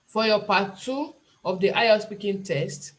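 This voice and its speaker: A woman's voice: mid-range voice, a little fast, slight background noise. A Nigerian woman teaching an online IELTS speaking class in an earnest, emphatic way, repeating her key points.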